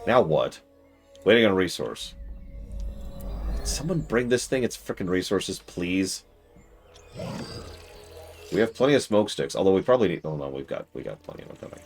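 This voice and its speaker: A man streaming a game, commenting live and exasperatedly scolding the characters on screen, switching between loud outbursts and low muttering. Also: big pitch swings, normal speed, pauses often, soft background music.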